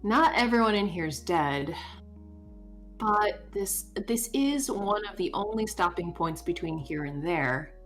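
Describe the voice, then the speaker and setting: A woman voicing a sardonic young female barista, reading game dialogue aloud in a dry, deadpan way. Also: medium pitch, slow, soft background music.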